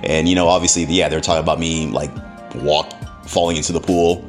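A man's voice: extremely low pitch, steady tone, a little fast, soft background music. A man hosting a podcast, telling a story casually, laughing often and swearing freely. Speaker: podcast host.

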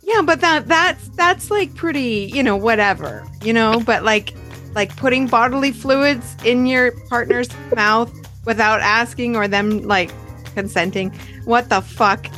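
A woman's voice: fairly high pitch, measured pace, sharp tone, soft background music. A woman hosting a podcast in casual chat, blunt and emphatic, swearing freely. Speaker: podcast host.

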